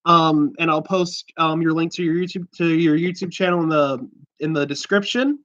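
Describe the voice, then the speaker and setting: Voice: mid-range voice, moderate pace, a bit bright. A young livestream host in casual chat, rambling with many fillers and casual swearing. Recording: slightly dull home livestream audio.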